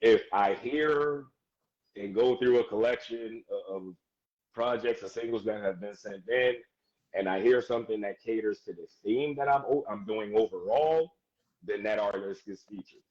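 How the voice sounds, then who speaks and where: Male DJ guest, animated and chatty, muffled lo-fi sound. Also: fairly low pitch, normal speed. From United States. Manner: animated, laughs often, gives shout-outs. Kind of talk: casual live-stream interview.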